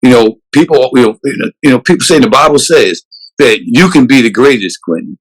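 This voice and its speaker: A man's voice: medium pitch, expressive, a little fast, breathy edge, low-quality recording. A man, a police chief answering interview questions earnestly and emphatically, often restarting his sentences. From South Carolina, USA.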